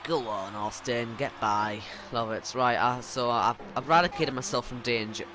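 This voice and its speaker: A man's voice: mid-range voice, moderate pace. Man commentating his own sim race over engine noise. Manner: exasperated, self-mocking, laughing at his own mishaps. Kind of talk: live gaming commentary. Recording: game engine noise behind. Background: racing car engine noise.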